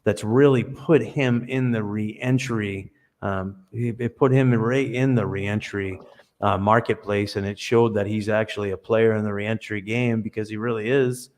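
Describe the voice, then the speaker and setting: A man's voice: on the low side, fairly even intonation, a little slow, a little mellow. A man speaking as a podcast guest over a video call, talking earnestly in a storytelling, preacher-like way. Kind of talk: conversational interview.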